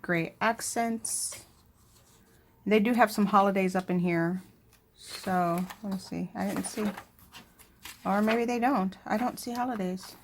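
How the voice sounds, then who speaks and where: A woman's voice: mid-range voice, fairly even intonation, unhurried, long pauses, slight background noise. A woman vlogger chatting casually while flipping through a new planner, thinking aloud with lots of fillers and asides. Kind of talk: casual unboxing chat.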